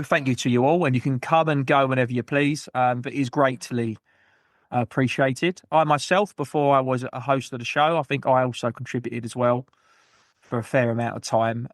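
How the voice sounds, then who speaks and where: A man hosting a gaming podcast on his own, rambling through shout-outs and jokey, self-mocking asides. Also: medium pitch, dry recording, studio quality. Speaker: podcast host. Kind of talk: solo gaming podcast chat.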